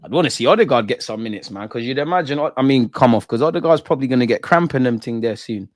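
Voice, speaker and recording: A young man reacts live to a football match, cracking jokes in thick slang and shouting out his chat. His voice sits in an ordinary middle pitch. The sound is dry and close, with no room echo. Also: quick pace. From England. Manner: excitable, jokey, slangy, talks to chat. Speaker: football watch-along streamer. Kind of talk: live match watch-along banter.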